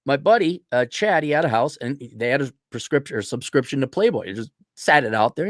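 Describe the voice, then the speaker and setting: A middle-aged man hosting a livestream, reading viewer donations and ranting bluntly with profanity, frequent throat-clearing, and a voice that is giving out. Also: mid-range voice, expressive, a little fast, hardly any pauses, dry recording, studio quality. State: losing his voice. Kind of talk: blunt opinionated livestream rant.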